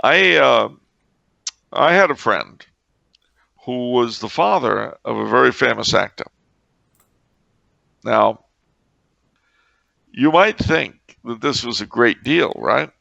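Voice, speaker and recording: A man's voice: medium pitch, lively intonation, slow, creaky, pauses often, pushed and bright, no echo, lo-fi sound. A man co-hosting a podcast in casual chat, a wry, sarcastic storyteller who bursts into sudden exclamations. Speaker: podcast co-host.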